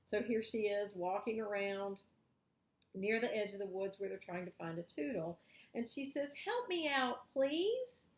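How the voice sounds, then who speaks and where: A woman's voice: mid-range voice, a little mellow, roomy sound. A woman hosting a book show, reading a graphic novel aloud and explaining the panels.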